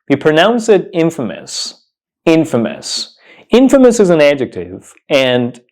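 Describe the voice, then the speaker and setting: Male pronunciation tutor, slightly high voice, lively and emphatic, drills words by repetition. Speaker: English pronunciation teacher. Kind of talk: online pronunciation lesson.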